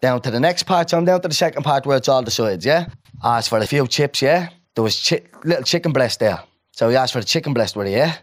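A man, co-hosting a casual podcast and telling a story with lively asides, acting out the people he quotes. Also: mid-range voice, fast talker. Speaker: podcast co-host. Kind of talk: casual chat.

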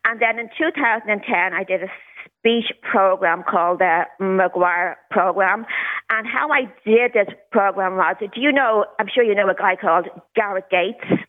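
A woman's voice: medium pitch, moderate pace. Woman in her sixties on the phone. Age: 60s. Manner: candid, with occasional stutter repetitions. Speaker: caller. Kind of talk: phone-in radio conversation. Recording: tinny phone line.

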